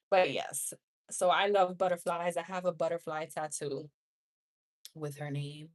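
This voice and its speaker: A woman's voice: fairly low pitch, flat delivery, unhurried. A woman in her thirties with a New York accent, chatting casually with viewers on a live stream, laughing often and wandering into asides. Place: home room.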